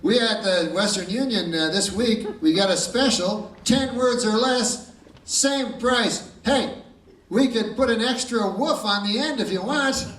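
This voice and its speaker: A man's voice: high-pitched, measured pace, pitched above the performer's own voice. A man voicing a brash male telegraph clerk who pushes a deal in salesman patter, in a stand-up joke. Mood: pitching. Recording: echoey live hall, far mic, loud crowd.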